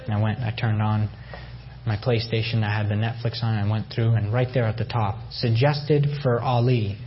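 A man's voice: lowish voice, level tone, a little fast, lo-fi sound, a little hiss or hum. A man from Iran giving a personal faith testimony, telling his story with emotion and repeated phrases. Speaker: testimony speaker.

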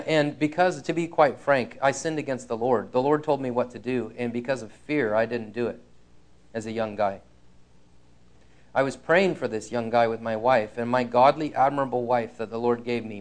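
Preaching in a medium-pitched voice, a man tells a personal story with frank earnestness. He eases his pace on the important lines to stress them.

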